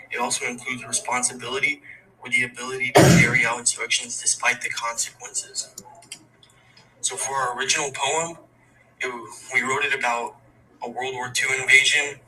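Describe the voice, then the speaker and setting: A young man, a student, reading a class presentation aloud from a script in an even, steady way. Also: mid-range voice. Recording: distant mic with faint background noise.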